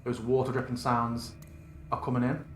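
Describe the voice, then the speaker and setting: A man's voice: medium pitch, monotone, normal speed, echoey room, a little hiss or hum. A man running a live tabletop tutorial, thinking aloud casually and correcting himself as he builds a scene. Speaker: game master demonstrating a virtual tabletop. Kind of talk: live screen-recorded tutorial.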